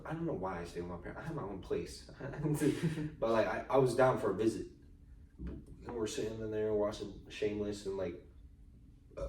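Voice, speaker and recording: A man's voice: on the low side, darkish tone. A young man co-hosting a podcast in casual chat, telling long rambling stories full of slang and swearing. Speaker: podcast co-host. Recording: roomy echo, far from mic, faint noise.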